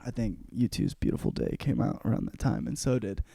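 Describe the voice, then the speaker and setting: A young adult man hosting a podcast, delivering an ironic comedic rant full of swearing, jumping between shouting and muttering. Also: medium pitch, fairly quick, creaky, breathy edge, no room sound. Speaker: podcast host.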